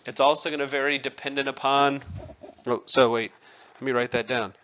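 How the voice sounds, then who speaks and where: A man's voice: medium pitch, fairly even intonation, moderate pace, highs cut off, background noise. A man teaching a chemistry class in a conversational lecture, asking his students questions and making wry asides.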